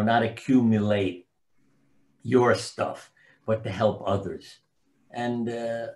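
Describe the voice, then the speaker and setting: Older guy, doctor and author, kinda low voice, rambly storyteller who forgets names, casual interview over a video call. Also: a little mellow. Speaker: guest, physician and author.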